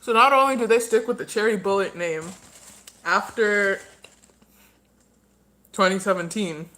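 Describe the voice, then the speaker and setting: A woman's voice: mid-range voice, a little slow, a bit bright. A woman hosting a casual livestream, rambling through her opinions and talking while she eats. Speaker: livestream host.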